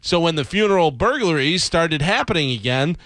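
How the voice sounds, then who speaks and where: A man reads quirky news items on a morning radio show, ribbing his co-hosts as he goes. His voice sits a little high, and the studio mic sounds close and dry. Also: animated, moderate pace, fairly bright tone, no room sound. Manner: reads odd news stories, playful jokes. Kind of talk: casual morning radio banter.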